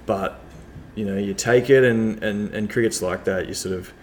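A man, a club cricketer talking casually in an interview, relaxed and rambling with lots of fillers. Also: fairly low pitch, normal speed, slight background noise.

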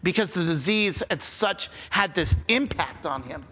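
High-pitched preacher guy, chatty sermon, keeps saying okay, big hall echo. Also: animated, normal speed, few pauses, pushed and bright, slightly rough. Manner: conversational, repeating phrases and asking the audience "okay?". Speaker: pastor.

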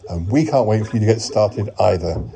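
A man's voice: lowish voice, animated, fairly quick, vocal fry, mellow. A man hosting a comedy podcast in an improvised sketch, hesitant and full of ums. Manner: hesitant, many ums and uhs. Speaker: podcast host.

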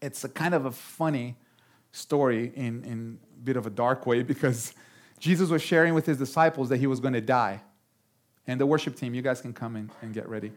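A man preaching a sermon as pastor, talking in an animated way and jumping up in pitch for emphasis. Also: fairly quick. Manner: animated, jumps high for emphasis.

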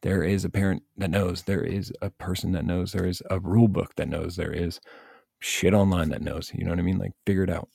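A man with a deep, dark voice and heavy vocal fry gives youth baseball advice as a coach and parent. He vents bluntly and swears freely, in a casual, animated rant. The sound is dry and close. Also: fairly quick, dry recording. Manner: blunt, profane, animated venting.

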